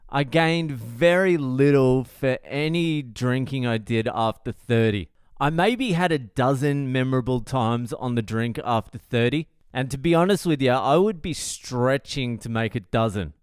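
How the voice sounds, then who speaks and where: A man's voice: medium pitch, smooth, no room sound, clean studio sound. A middle-aged man, host of his own podcast, telling stories in a profane, rambling, jokey way. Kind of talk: casual monologue podcast.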